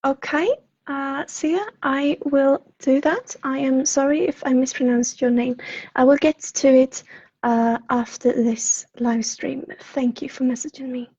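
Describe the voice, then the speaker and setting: A woman with a Swedish accent, a psychic counselor chatting on a livestream in a soft, apologetic, halting way with many fillers. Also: sits high, level tone, husky, no room sound. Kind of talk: casual livestream chat. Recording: dull lo-fi livestream audio.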